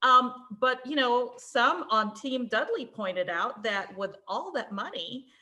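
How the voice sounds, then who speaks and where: A woman's voice: a little high, expressive, slow, bright, forceful tone. A woman co-hosting a podcast who laughs often and adds film trivia. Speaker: podcast co-host. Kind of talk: casual film chat.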